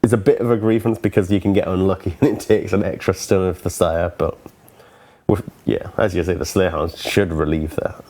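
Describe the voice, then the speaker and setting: A man with a lowish voice answers questions on a live stream. He sounds upbeat and quick to agree with the others. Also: steady tone, dark tone. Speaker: game developer.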